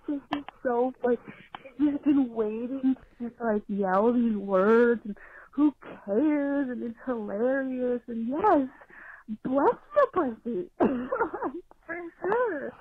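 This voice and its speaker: A young woman calling in to tell a rambling, profane story, excitable and loud. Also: a little high, takes it slowly, slightly rough. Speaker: caller. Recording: tinny phone line with faint hiss.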